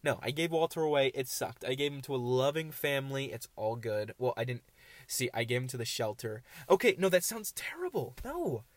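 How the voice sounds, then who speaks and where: A man's voice: medium pitch, fairly even intonation, brisk, no echo. A man in his twenties hosting a casual solo podcast from inside his parked car, rambling and self-deprecating, sounding nasal as he comes down with a cold. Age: 20s. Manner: rambling, self-deprecating, swings between glum and jokey. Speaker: podcast host.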